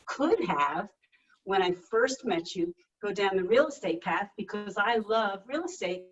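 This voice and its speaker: A woman talks eagerly on a group video call, tripping over her words as she goes. Her voice sits at a middle pitch and sounds far from the mic, with dull, muffled audio. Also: lively intonation, measured pace. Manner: chatty, enthusiastic, stammering restarts. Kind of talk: casual chat.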